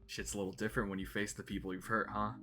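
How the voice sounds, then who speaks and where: A man voicing a sneering young fighter who taunts in a low mutter in a tabletop game. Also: level tone, racing, bright, forceful tone, faint music behind. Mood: taunting.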